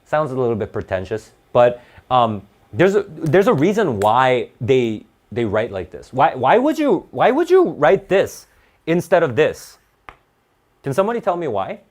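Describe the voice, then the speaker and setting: A man's voice: mid-range voice, wildly swooping pitch, normal speed. A man teaching a grammar lesson to a class, restarting words often and checking in with "right?".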